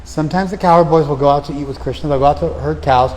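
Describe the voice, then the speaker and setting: A man giving a spiritual lecture. He recites verses slowly and then explains them in plain, conversational talk. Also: a little high, a little mellow, long reverb tail, slight background noise, low-quality recording. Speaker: lecturer on scripture. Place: outdoor festival.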